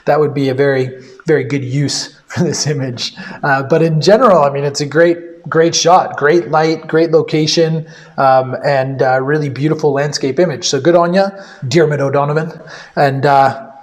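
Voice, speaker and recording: A man's voice: on the high side, fairly even intonation, normal speed. A man from Canada, giving a casual, rambling photo critique full of fillers. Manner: rambling, filler-heavy and upbeat.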